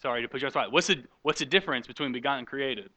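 A middle-aged man with a bright, forceful voice teaches a Bible class in a conversational sermon. He puts questions to the listeners and picks up on their answers. The sound is close and dry, with little room echo. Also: medium pitch, rapid-fire, dull audio. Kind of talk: interactive sermon with audience questions.

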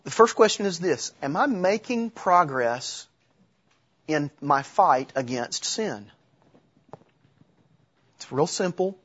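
Husky-voiced male preacher. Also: a little high, expressive, slow pace, pauses often, a bit bright, muffled recording. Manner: conversational preaching with humor and rhetorical questions. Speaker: pastor. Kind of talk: sermon.

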